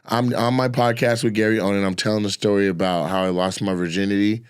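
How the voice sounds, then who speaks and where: A man co-hosting a comedy podcast, telling a story in a crude, animated way with frequent laughter. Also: on the low side, fast, clear, resonant tone. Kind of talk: casual chat, storytelling.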